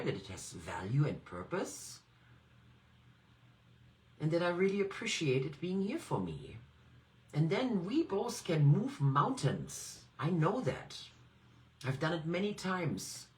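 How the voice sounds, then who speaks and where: Animated woman guiding a coaching exercise. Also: very deep voice, poor audio. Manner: gentle, encouraging, invites the listener directly. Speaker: NLP coach. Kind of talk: guided self-reflection exercise.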